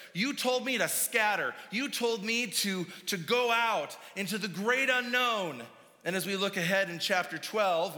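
A male pastor delivers a sermon with an animated, emphatic style, pushing his voice up for key points and slipping into quick asides. His voice sits high and bright. It carries through the long reverb of a large church hall. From United States.

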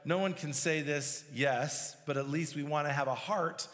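A man's voice: fairly high pitch, moderate pace, a bit bright. A man preaching a sermon, reading scripture aloud and explaining it verse by verse with emphasis. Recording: long hall reverb.

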